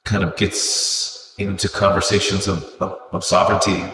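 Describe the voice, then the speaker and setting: Deep-voiced male interviewer in a hall. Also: little pitch movement, moderate pace, a crowd in the background. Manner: thoughtful, hesitant questioning. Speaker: interviewer, host. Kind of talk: live on-stage interview. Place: gallery event room with an audience. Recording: echoey hall, distant mic, background noise.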